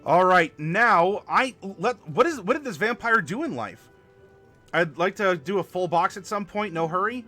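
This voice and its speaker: A man hosting a live tabletop worldbuilding stream, chatting to viewers and halting over fillers as he spells out dice commands. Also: high-pitched, lively intonation, bright, forceful tone, soft background music. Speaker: game master and stream host.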